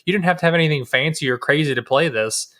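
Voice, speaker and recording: Thirties male co-host, bright forceful tone, loose rambling delivery with restarts. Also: on the high side, quick pace. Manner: rambling, lots of restarts and fillers, laughs easily. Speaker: podcast co-host. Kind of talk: casual chat.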